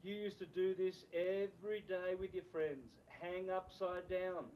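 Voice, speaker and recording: Man in his 60s, podcast guest, slightly high voice, unhurried, rambling storyteller. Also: highs cut off, slight background noise. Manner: rambling, animated anecdotes. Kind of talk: casual storytelling interview.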